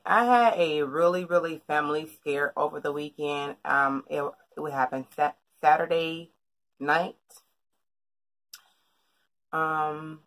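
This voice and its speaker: A young woman with a low voice chats straight to her camera from her bedroom. She tells a story in a loose, rambling way, full of fillers and restarts. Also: fairly bright tone. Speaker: vlogger. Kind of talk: casual storytelling vlog. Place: bedroom at home.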